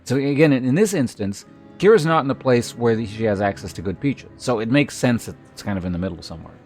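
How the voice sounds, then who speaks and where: A man's voice: mid-range voice, lively intonation, fast, darkish tone, soft background music. A man streaming, chatting casually with his viewers in a rambling way, with many restarts and filler words. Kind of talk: casual chat with live viewers.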